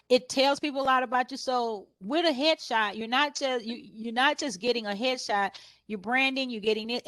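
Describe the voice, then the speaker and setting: A woman photographer sharing business advice on a panel. She tells stories and acts out her customers' questions in a higher voice, laughing often. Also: no echo, clean studio sound. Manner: lively storyteller who acts out customers in a higher voice; laughs often while talking.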